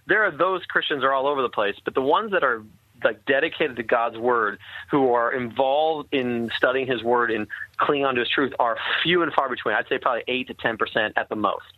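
A man speaks in an earnest, conversational way as he recounts his time as an army captain, often pausing and restarting with fillers. His voice sits at an ordinary middle pitch. It comes through a thin, tinny, phone-like line with a dry sound and no room echo. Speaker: former army captain telling a war story. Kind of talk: casual storytelling in conversation.

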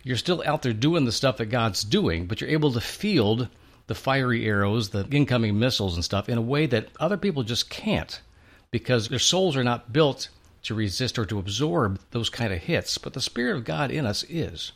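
A man's voice: medium pitch, expressive, normal speed. A man hosting a faith conversation, reflective, working through his ideas aloud with images. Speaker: host. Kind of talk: faith podcast interview.

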